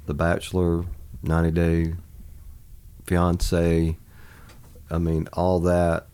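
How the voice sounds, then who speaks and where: A man's voice: low voice, monotone, slow, mellow, smooth. A man in his forties, a pastor talking earnestly about his family in casual conversation, laughing easily.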